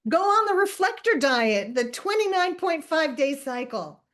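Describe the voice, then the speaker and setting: A woman's voice: high-pitched, sing-song, a little slow, voice pushed up. A woman putting on a chatty local accent. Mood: playful. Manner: playful, exaggerated.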